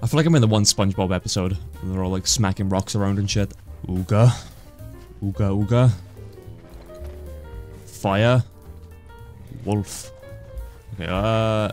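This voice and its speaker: A man casually commentating his own gameplay, joking around and swearing often in excited reactions. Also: fairly low pitch, fast talker, hardly any pauses, soft background music. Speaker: gaming YouTuber. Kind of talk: casual let's play commentary.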